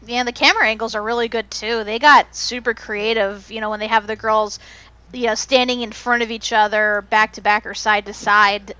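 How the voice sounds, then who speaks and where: A woman's voice: on the high side, fairly even intonation, fairly quick, sharp tone, smooth, no echo, highs cut off. Chatty woman podcast co-host. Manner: chatty, shares trivia with many fillers. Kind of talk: casual chat.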